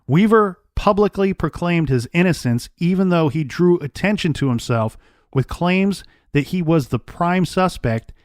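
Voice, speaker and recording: A man co-hosting a true crime podcast, recounting the case in a measured, storytelling way. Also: sits high, animated, no echo, studio quality. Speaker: podcast co-host.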